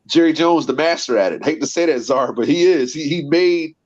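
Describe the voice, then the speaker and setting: A man's voice: a little high, a little fast. A man debates football on a casual panel show. He argues his case and restarts his phrases often. His voice comes through muffled and lo-fi. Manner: argumentative, repeats words while building a point. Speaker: podcast co-host. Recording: dull lo-fi sound.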